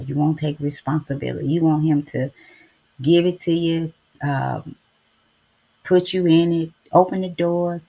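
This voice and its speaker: This middle-aged podcast host has a deep, gravelly voice that's a little mellow and slightly rough. Running a casual devotional live-stream chat, she preaches chattily and repeatedly addresses her audience as y'all.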